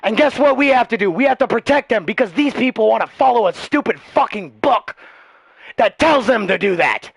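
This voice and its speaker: A man with a very high, gravelly voice rants and swears at another player in game voice chat. He talks into a headset mic, and the sound is close and dry. His delivery is heated and often breaks into shouting. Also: lively intonation, brisk, dry recording. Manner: ranting, profane, shouting. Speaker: gaming streamer, military veteran. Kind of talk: heated voice-chat argument while gaming.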